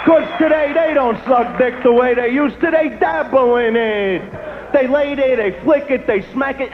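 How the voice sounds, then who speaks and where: A man's voice: very high voice, animated, normal speed, phone-quality sound, background noise. A male stand-up comedian doing crude, brash crowd work with a swaggering manner on a stage before a large live audience.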